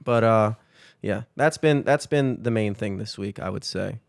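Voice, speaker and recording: A man's voice: fairly low pitch, a little slow, gravelly, no echo, studio quality. Joking profane man podcast host. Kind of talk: casual chat.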